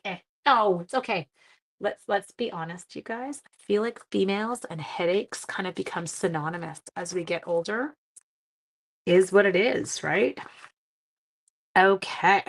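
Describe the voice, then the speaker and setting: A woman's voice: medium pitch, fairly bright tone, low-quality recording. Chatty woman crafting on a livestream. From Canada. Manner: chatty, rambling storyteller addressing viewers. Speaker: card-making livestream host. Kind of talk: casual chat while crafting.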